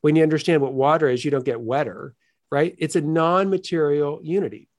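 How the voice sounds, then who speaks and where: Earnest, higher-voiced man explaining ideas. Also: a little fast. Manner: earnest, lively teaching tone with frequent "right?". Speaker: guest philosopher. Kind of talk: explanatory interview talk.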